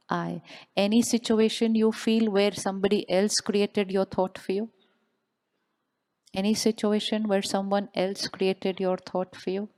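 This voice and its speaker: A woman's voice: mid-range voice, flat delivery, a little slow, darkish tone. A woman giving a motivational spiritual talk, asking the audience questions and repeating them. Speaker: spiritual speaker.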